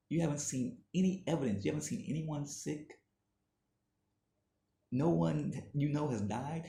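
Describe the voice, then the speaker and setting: A man's voice: mid-range voice, vocal fry, dark tone, roomy sound. A man delivering an indignant, emphatic opinion monologue that keeps repeating its points. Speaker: commentator.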